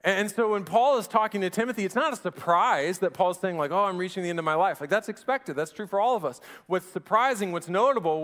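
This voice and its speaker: A man in his thirties preaching a sermon in a relaxed, conversational way, often restarting his phrases and dropping in fillers. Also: high-pitched, big-room sound. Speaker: pastor.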